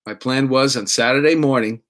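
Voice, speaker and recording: A man's voice: medium pitch, a little fast, fairly bright tone. New guy telling stories, middle aged, chatty with restarts. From New York. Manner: conversational with laughs and restarts. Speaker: storyteller. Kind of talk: personal storytelling.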